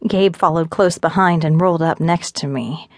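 A woman narrating a first-person romance audiobook in a steady, measured way on a close studio mic. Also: deep voice, no room sound.

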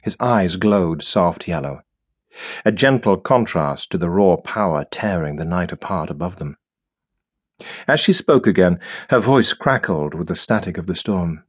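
A man reading a science fiction audiobook in a measured, steady storytelling manner. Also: deep voice, breathy edge. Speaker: audiobook narrator. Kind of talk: scripted narration.

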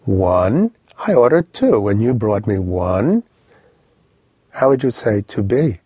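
A man teaching an audio language lesson, explaining with lively, vivid storytelling and direct instructions. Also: fairly low pitch, a little slow, breathy edge, no echo.

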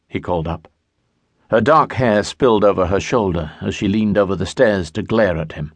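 A man narrating a historical romance audiobook in a measured storytelling voice, recorded in a studio. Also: low-pitched, dry recording. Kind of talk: scripted narration. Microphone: studio mic.

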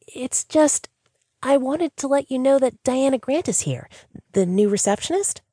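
A woman narrator voicing a bubbly young female receptionist whose bright voice turns nervous. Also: wildly swooping pitch, a little slow, slightly rough, no echo, clean studio sound, exaggerated voice. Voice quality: bright and cheerful, high.

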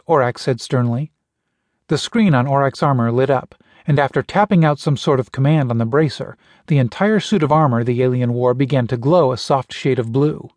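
A man's voice: mid-range voice, normal speed, darkish tone, dry recording. Man narrating a sci-fi audiobook, dry. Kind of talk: scripted narration.

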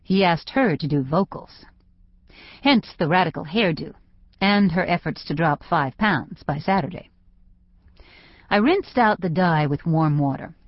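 A woman's voice: lowish voice, lively intonation, unhurried, long pauses, dry recording. A woman narrating a novel in first person, with wry conversational storytelling. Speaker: audiobook narrator. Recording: dry, slightly dull studio audio.

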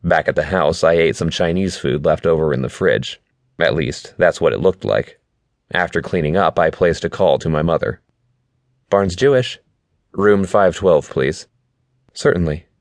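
A man reads a first-person novel in a calm, measured narrating voice. His pitch sits very low, with a deep, grounded sound. The recording is dry and close, with no room around it. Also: no echo. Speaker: audiobook narrator. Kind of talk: scripted narration.

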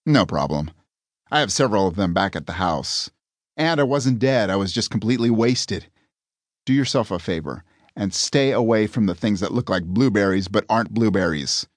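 A man's voice: on the low side, animated, normal speed, dry recording, clean studio sound. Man doing a naive, eager first man. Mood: casual. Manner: eager, wide-eyed.

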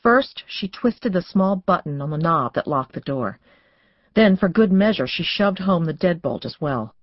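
A woman reading a suspense novel as audiobook narrator, in measured, tense storytelling. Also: low voice, expressive, dry recording, muffled recording. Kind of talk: scripted narration.

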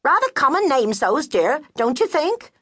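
A woman's voice: sits high, big pitch swings, normal speed, pushed and bright, dry recording, studio quality, voice pushed up, exaggerated voice. A woman voicing a fussy, genteel female mouse friend who talks in a chirpy, prim, gushing way.

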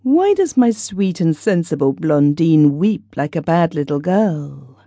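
A woman voicing a gentle, grieving widowed king in a storybook reading, speaking slowly and tenderly. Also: deep voice, sing-song, dry recording, clean studio sound, full character voice. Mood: coaxing.

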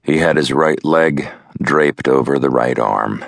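A man narrating an audiobook in a measured, grave manner. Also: a bass voice, fairly even intonation, gravelly, dry recording, studio quality. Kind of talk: scripted narration.

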